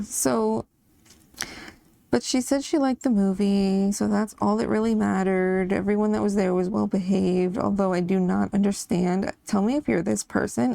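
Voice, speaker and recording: A woman's voice: mid-range voice, gravelly, mellow, dry recording. A woman hosting a coloring channel, chatting casually and rambling about her family while she colors, laughing now and then.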